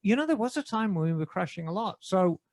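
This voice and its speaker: A man's voice: sits high, expressive, fast, a little mellow, dry recording. A man co-hosting a motorcycle podcast in casual, joking chat, sometimes reading a sponsor ad. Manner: joking, slips into a put-on posh voice. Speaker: podcast co-host.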